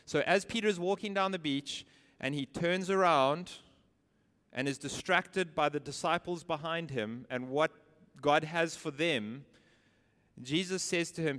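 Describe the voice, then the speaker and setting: A man's voice: fairly high pitch, unhurried, fairly bright tone. A man preaching a sermon with emphasis, posing rhetorical questions and repeating key phrases. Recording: long reverb of a large hall.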